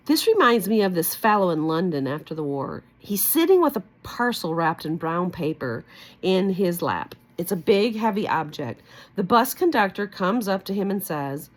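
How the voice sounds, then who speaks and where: A woman's voice: medium pitch, expressive, normal speed. A woman reading a book aloud to her camera, stopping to comment in a giddy, affectionate, sing-song way. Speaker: book reader and vlogger. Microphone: facing her own camera.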